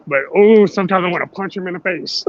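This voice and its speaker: A man's voice: high-pitched, fast, highs cut off. A man co-hosting a casual live stream, talking bluntly and plainly. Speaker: show co-host.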